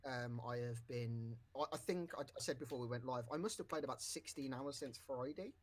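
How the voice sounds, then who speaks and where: A man's voice: medium pitch, brisk. A man co-hosting a casual podcast, rambling with lots of fillers and restarts, currently with the hiccups. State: has the hiccups. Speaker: podcast co-host.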